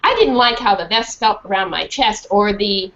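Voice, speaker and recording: A woman's voice: mid-range voice, moderate pace. A woman, a children's author, reading a storybook aloud in a school classroom and asking the class questions. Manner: animated, asks the class questions. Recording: dull lo-fi recording.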